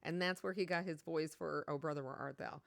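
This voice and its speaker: A woman's voice: low-pitched, fairly even intonation, brisk, creaky, dry recording. A middle-aged woman with a Kentucky Southern accent, chatting casually and giggling with her live-stream viewers.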